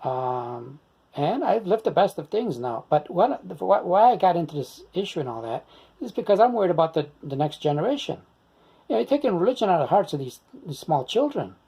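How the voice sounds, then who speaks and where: A man's voice: a little high, very animated, fairly quick, dark tone, slightly rough. A man in his sixties with an Italian American accent, delivering a rambling, insistent and combative monologue to the camera. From United States. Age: 60s. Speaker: video blogger.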